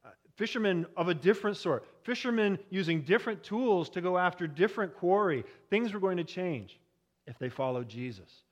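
A man's voice: fairly high pitch, a bit bright. A man preaching a sermon in a conversational way, often asking the congregation questions.

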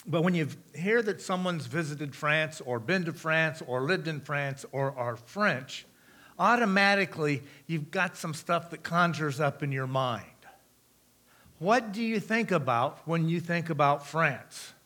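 A middle-aged man with an American accent speaks to a congregation about missions work, his voice sitting somewhat high for a man. He talks conversationally and often throws questions out to the listeners, then repeats their answers back. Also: animated, measured pace, bright, forceful tone. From United States.

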